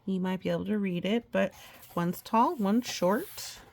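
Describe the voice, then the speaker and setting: Lady reading a kids book out loud, slow and chatty, a bit of vocal fry. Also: medium pitch. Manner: chatty asides, playful. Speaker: storybook reader. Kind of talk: reading a children's book aloud.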